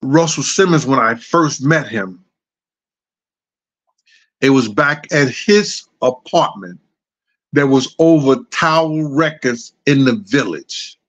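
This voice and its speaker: A man's voice: mid-range voice, a bit bright. Middle-aged male host spinning loose anecdotes off the cuff, chuckling, mid-range voice, slightly dull line. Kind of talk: casual storytelling.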